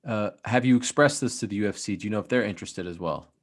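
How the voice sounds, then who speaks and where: A man's voice: fairly low pitch, fast talker. A man hosting an interview show and asking the guest plain, direct questions. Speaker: show host.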